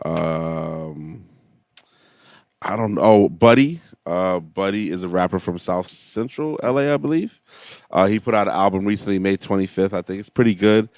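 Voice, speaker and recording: A man's voice: deep voice, moderate pace, a little mellow, no room sound, clean studio sound. A young man hosting a podcast in casual chat, laid-back and full of fillers. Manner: laid-back, many fillers like "you know what I'm saying". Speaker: podcast host.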